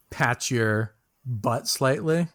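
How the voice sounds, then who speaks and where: A man's voice: mid-range voice, very slow, a bit bright. A man narrating a tabletop game as game master, casual and loose, with many fillers and small laughs.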